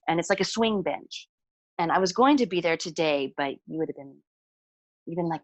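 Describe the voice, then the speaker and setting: A woman with a somewhat low voice, a podcast guest telling anecdotes with easy amusement and plenty of "um" and "like". It is recorded dry and close. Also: brisk, no echo. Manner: relaxed, amused storyteller with frequent fillers. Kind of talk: casual storytelling conversation.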